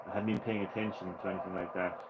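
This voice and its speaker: A gaming channel host gives casual let's play commentary in a low, level voice, talking very fast over a very noisy recording. He rambles and corrects himself, breaking into sarcastic, profane rants at the characters.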